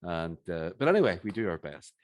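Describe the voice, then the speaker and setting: A man with a Northern Irish accent interviewing an author at a live event, chatty and halting, with many restarts. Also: low-pitched, big pitch swings, no room sound, clean studio sound. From Northern Ireland. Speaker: host, interviewer.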